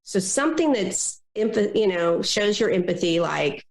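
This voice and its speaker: A woman consultant giving advice in a podcast interview, talking in a lively way and acting out complainers in little quoted voices. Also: mid-range voice, moderate pace, echoey room. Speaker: guest consultant on difficult people.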